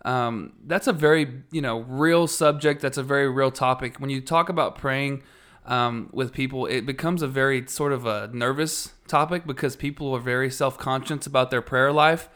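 A minister co-hosting a faith podcast speaks in a measured, thoughtful way. His voice is clear and smooth, with a few ums along the way. He sits at an ordinary pitch for a man. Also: fairly bright tone. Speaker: church minister, co-host. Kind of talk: casual ministry podcast chat.

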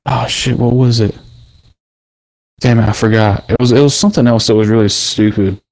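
A man's voice: mid-range voice, fairly even intonation, moderate pace, a little mellow. A young man co-hosting a casual podcast, rambling through his points and joking crudely. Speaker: podcast co-host. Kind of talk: casual podcast chat over voice chat.

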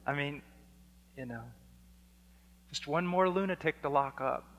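A man preaching a fiery sermon, dropping to a hush and then rising to shouts as he acts out exchanges. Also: a little high, unhurried. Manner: swings from hushed to shouting, acts out dialogues. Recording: long hall reverb.

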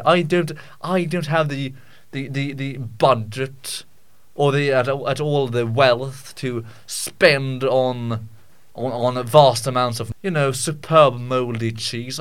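A man's voice: medium pitch, a bit bright. A man hosting a podcast, ranting casually in a jokey, mock-indignant way, rambling with many restarts and stammered repeats. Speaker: podcast host. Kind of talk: casual comic rant.

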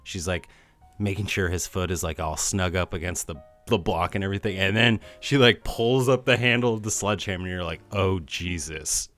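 A man co-hosting a casual movie podcast, talking excitably with lots of swearing and laughter. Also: low voice, a little fast, faint music behind. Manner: excitable, profane, laughs often. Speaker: podcast co-host. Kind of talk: casual movie-discussion chat.

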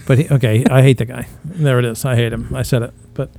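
A man's voice: medium pitch, fairly even intonation, fast talker, creaky, dark tone. A man in his fifties telling rambling, profane stories in casual podcast chat, slipping into impressions. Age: 50s. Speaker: podcast co-host.

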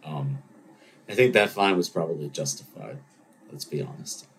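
A man's voice: a bass voice, normal speed, slight background noise. A man hosting his own podcast, talking alone in a rambling, self-mocking way and slipping into playful voices. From Greek heritage. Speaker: podcast host. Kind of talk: casual solo monologue.

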